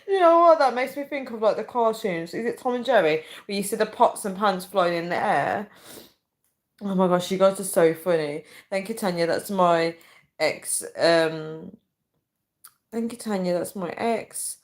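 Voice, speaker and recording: A woman's voice: mid-range voice, expressive, measured pace. Casting: young woman, chatty livestream host, breaks into shrieking laughs. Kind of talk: casual livestream chat reading comments.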